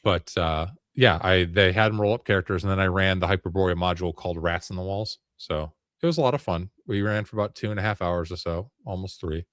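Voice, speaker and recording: Low-voiced man telling a rambling story. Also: fairly even intonation, fast, hardly any pauses, a bit bright, dry recording, clean studio sound. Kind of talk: casual chat.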